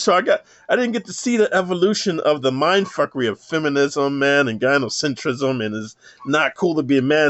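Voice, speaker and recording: A man giving a rambling, profane monologue to camera, rough street talk full of "man". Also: on the high side, no room sound. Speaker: self-help vlogger. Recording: dull lo-fi dry sound.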